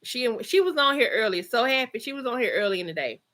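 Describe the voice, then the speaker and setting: Bright-voiced Southern woman chatting. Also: fairly high pitch, animated, fast talker. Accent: Southern US, Georgia. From Georgia, US. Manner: chatty, laughs often, Southern slang. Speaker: livestream host. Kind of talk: casual chat reading live comments.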